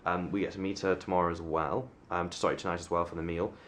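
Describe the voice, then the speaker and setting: A young Englishman talks to his camera in a hotel room, rambling and poking fun at himself, his voice sitting very low. Faint background noise runs under his casual, filler-heavy chat. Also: little pitch movement, fast, a bit bright. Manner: rambling, self-mocking, many fillers and restarts. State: sunburnt. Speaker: vlogger.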